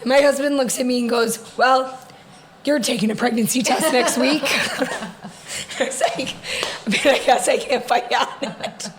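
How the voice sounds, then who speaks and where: A young woman with a slightly high voice co-hosts a casual podcast with her sister. She tells everyday stories with animated energy and laughs often. A faint noise sits under the recording. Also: rough recording. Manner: animated storytelling, quick laughs. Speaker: podcast co-host.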